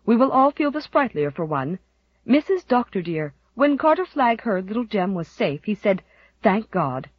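A woman's voice: medium pitch, sing-song, normal speed, breathy edge, no echo, dull audio. A woman voicing a fussy, devoted older housekeeper who talks eagerly and bustles through her words, for an audiobook. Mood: brisk. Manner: eager, bustling, repeats terms of address.

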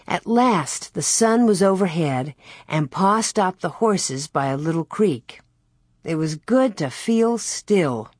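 A woman reading a classic children's story aloud in a steady, unhurried narration. Her voice sits low and a little husky, recorded close and dry with no room around it. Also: no echo. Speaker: audiobook narrator. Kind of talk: scripted narration of a children's novel.

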